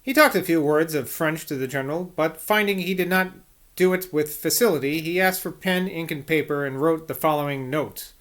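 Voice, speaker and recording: A man's voice: on the high side, fairly quick, a bit bright. A man narrating an audiobook of an old memoir, reading plainly with the odd casual aside and slip. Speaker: audiobook reader.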